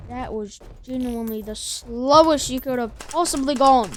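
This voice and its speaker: A woman's voice: sits high, moderate pace, heavy background noise. A woman giving casual let's-play commentary, chatting to the game's monsters and counting doors aloud. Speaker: gameplay streamer.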